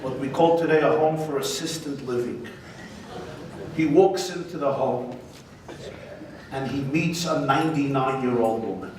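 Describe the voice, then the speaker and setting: A man, a rabbi, giving a humorous, animated speech at a gala dinner in a large banquet hall. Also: mid-range voice, unhurried, pauses often. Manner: joke-telling, animated. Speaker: guest speaker, rabbi. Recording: echoey banquet hall from far off, noisy.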